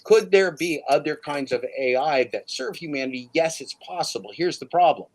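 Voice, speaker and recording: A man's voice: fairly high pitch, lively intonation, normal speed, low-quality recording. A man hosting a livestream chat, ranting emphatically and repeating his listener's name for effect. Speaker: livestream host. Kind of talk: casual chat.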